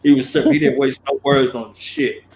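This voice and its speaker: A man's voice: medium pitch, fairly even intonation, fairly quick, a little hiss or hum. A middle-aged man hosting a casual late-night chat, telling stories in a laid-back, profane way with frequent laughter. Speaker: host. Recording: roomy echo.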